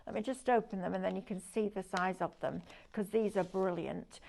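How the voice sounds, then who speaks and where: A woman's voice: medium pitch, darkish tone. A woman presenting a live shopping show, chatty and gushing as she praises each product. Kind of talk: live sales demonstration.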